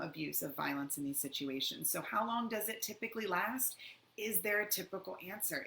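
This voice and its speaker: An educator who works on domestic violence answers viewer questions in an earnest Q&A, using acted-out examples to explain her points. Her voice is on the low side with a sharp tone, recorded in an echoey room with faint background noise.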